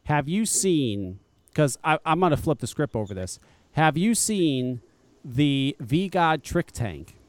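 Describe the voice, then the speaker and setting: A man's voice: a little high, big pitch swings, takes it slowly, dry recording. A man hosting a podcast, talking in casual, profane and scornful rants that often break into laughter. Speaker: podcast host. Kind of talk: casual ranting chat.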